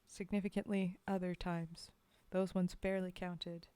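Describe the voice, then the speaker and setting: A woman's voice: lowish voice, little pitch movement, normal speed, mellow, clear, resonant tone, no room sound. A woman streamer from North America, chatting with viewers between poems and reading them aloud, often giggling at herself. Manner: giggly, self-mocking, talks to chat. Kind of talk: casual chat and poetry reading.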